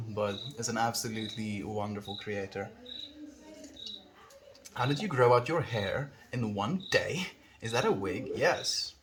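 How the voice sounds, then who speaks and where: A young man in casual livestream chat, talking to his viewers in an easygoing, affectionate way and laughing often. His voice sits at an ordinary middle pitch. A faint background noise runs under the recording. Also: fairly bright tone. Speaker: streamer.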